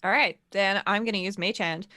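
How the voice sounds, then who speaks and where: A woman's voice: medium pitch, a little fast, sharp tone, no room sound, clean studio sound. A woman playing a tabletop game who suggests plans with a wry edge. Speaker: player.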